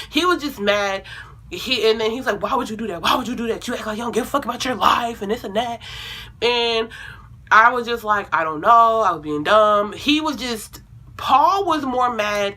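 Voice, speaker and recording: Speaking at a normal speed in a medium-pitched voice, a young female vlogger recounts a personal story with lively, casual energy, heavy profanity and acted-out quotes.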